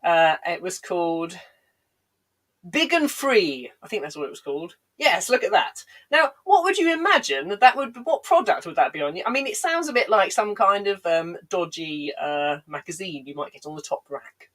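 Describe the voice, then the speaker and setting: A woman's voice: on the low side, very animated, normal speed, a bit bright, poor audio. A woman comedian telling digressive stories with dry, self-deprecating asides. She sounds a bit congested, with a lingering cough, on a home livestream. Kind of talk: rambling comic storytelling on a livestream.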